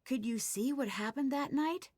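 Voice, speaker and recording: A woman's voice: high-pitched, normal speed, darkish tone, no echo, studio quality. A woman voicing a curious, polite young female detective in a video game, asking earnest questions. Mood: inquisitive.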